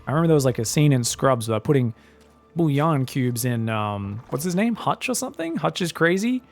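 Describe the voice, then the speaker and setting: A man's voice: mid-range voice, very animated, a little fast, faint music behind. An Australian man casting an esports match live, rambling through joking asides between play-by-play commentary. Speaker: esports caster.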